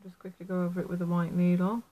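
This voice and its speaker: A woman's voice: lowish voice, completely flat delivery, quick pace, narrow, tinny audio. A woman with a Yorkshire accent giving a casual how-to tutorial on needle felting, chatty and self-deprecating, making apologetic asides as she works indoors at home. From Yorkshire, England. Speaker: felt artist teaching a tutorial.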